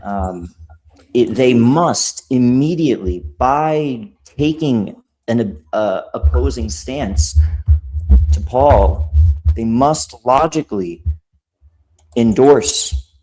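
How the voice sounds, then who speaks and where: A man explaining Bible passages in a casual study group, slowly repeating and restating his points. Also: medium pitch, mellow. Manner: slow, repetitive explaining with restarts.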